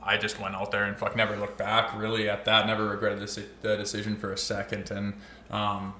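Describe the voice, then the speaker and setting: Ex-athlete guest, lowish voice, swears freely, relaxed storyteller, roomy echo. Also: male voice, a little fast, a little hiss or hum. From Canada (Olds, Alberta). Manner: loose and profane, swears constantly. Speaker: podcast guest, former hockey player. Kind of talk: casual storytelling chat.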